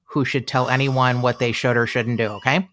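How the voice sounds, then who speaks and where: A podcast co-host walks through a true-crime case in loose, conversational talk. The voice sits at a middle pitch and gets animated, slipping into quoted voices with plenty of "you know" along the way. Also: moderate pace. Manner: animated, chatty, acts out quotes, many fillers. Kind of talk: casual true-crime storytelling.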